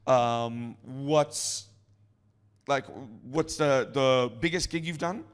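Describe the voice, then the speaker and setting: Pria pembawa acara podcast yang memberi semangat. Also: male voice, mid-range voice, drawn-out words, clear, resonant tone. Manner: encouraging, short affirming replies. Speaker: podcast host. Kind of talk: casual podcast chat.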